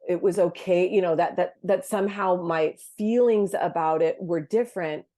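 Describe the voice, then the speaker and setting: A woman's voice: lowish voice, moderate pace, dark tone. A woman, a guest on a Christian podcast, telling a personal faith story in an earnest, heartfelt way, often restarting her sentences. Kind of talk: casual Christian podcast conversation.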